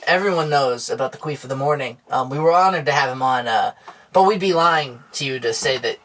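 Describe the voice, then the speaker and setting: A man's voice: mid-range voice, fairly quick, fairly bright tone. A man co-hosting a comedy podcast, speaking in a dry, mock-formal way. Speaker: podcast co-host. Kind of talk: casual comedy podcast chat.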